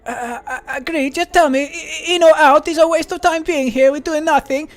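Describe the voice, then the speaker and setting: A man doing an excitable Spanish man with a thick put-on accent, pitched far above his own voice. He stumbles through the words with repeated hesitations, loud and strained. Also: soft background music. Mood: exasperated. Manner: halting, lots of uh fillers.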